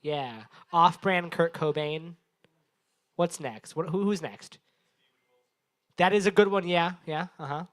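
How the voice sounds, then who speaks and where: A man's voice: a little high, slow, long pauses. Profane rambling young man roasting crowd. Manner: rambling, profane, teasing the audience. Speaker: stand-up comedian and open mic host. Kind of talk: live stand-up crowd work. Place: small bar venue stage before a live audience.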